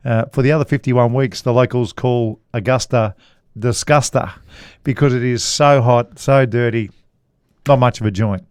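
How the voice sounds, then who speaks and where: A man's voice: medium pitch, fairly even intonation, moderate pace, a little mellow, smooth, no room sound, clean studio sound. Rambling Australian man spinning golf yarns. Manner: rambling anecdotal storyteller, chuckles often. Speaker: podcast co-host, golf commentator. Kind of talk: casual storytelling chat.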